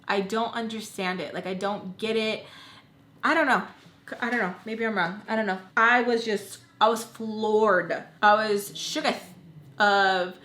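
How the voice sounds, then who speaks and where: A young woman vlogger telling a personal story in a casual, animated, blunt way, swearing freely. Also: medium pitch, normal speed, slight background noise. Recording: echoey room.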